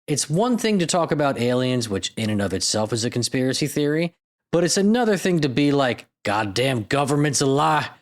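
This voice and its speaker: A young man hosts his own podcast in a loose comedic monologue, full of sarcasm, self-mockery and casual swearing. His pitch swings widely from line to line. He sits at a middle pitch for a man. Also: very animated, brisk. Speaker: podcast host.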